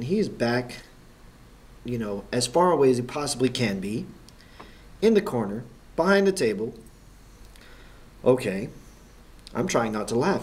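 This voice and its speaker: A man's voice: medium pitch, animated, unhurried, long pauses, darkish tone. A man, a schoolteacher, telling a story in a wry manner with dry asides. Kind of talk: anecdotal storytelling.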